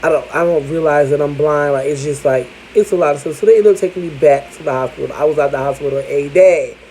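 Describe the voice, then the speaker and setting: Candid chatty vlogger with a mellow tone. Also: medium pitch, fast talker, a little hiss or hum, poor audio. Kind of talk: casual storytelling vlog.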